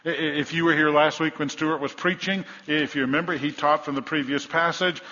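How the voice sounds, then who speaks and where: Bright-voiced preacher man in a reverberant hall. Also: fairly high pitch, fairly even intonation, brisk. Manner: storytelling, acts out voices of the crowd. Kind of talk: sermon. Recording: dull sound with long reverb in a hall.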